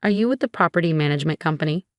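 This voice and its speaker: A woman's voice: sits low, animated, very fast, no echo, clean studio sound. A woman voicing a flustered, stammering middle-aged male office boss in a read-aloud story. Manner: stammering, defensive.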